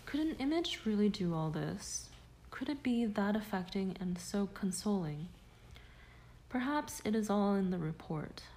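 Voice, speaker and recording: A woman narrating a scholarly nonfiction audiobook in a measured, deliberate manner. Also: mid-range voice, lively intonation, dark tone, a little hiss or hum, poor audio. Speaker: audiobook reader.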